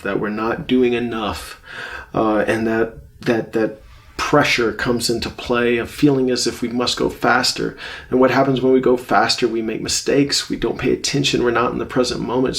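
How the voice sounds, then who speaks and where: A man teaching a self-help course lesson on anxiety, speaking in a gentle, reflective way and often repeating phrases for emphasis. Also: medium pitch, gravelly. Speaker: course instructor.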